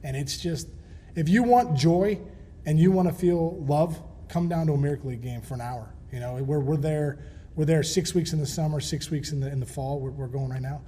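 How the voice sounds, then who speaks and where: Man, 40s, from Pittsburgh, talk show guest, animated storyteller, frequent restarts, slightly high voice. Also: slight background noise. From Pittsburgh, USA. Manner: animated storyteller, quick restarts, laughs often. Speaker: guest, former pro baseball player. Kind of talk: casual storytelling interview.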